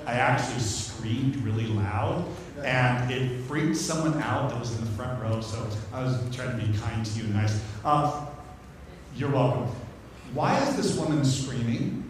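A man's voice: medium pitch, far from the mic, slight background noise. Man preaching in an echoey hall. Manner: conversational, joking asides while teaching scripture. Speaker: pastor. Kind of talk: sermon.

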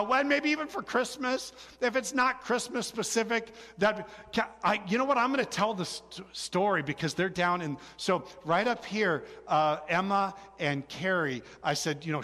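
A man's voice: high-pitched, pushed and bright. A male pastor giving a chatty, joking sermon, trading questions and answers with his congregation in a large church sanctuary. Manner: joking, chatty, frequent fillers and restarts. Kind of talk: conversational sermon with congregation back-and-forth. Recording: long reverb of a large hall.

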